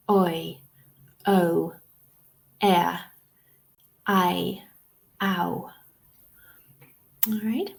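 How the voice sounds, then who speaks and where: Slow Irish woman teaching pronunciation. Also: medium pitch. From Ireland. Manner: slow, clear modelling of sounds with frequent "okay?" checks. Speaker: TEFL trainer. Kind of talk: webinar lesson.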